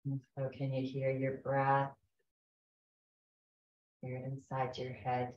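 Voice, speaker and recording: A woman instructor leading a chair yoga class, calm and gentle, giving slow breathing cues. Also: a bass voice. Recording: echoey, distant, dull room recording.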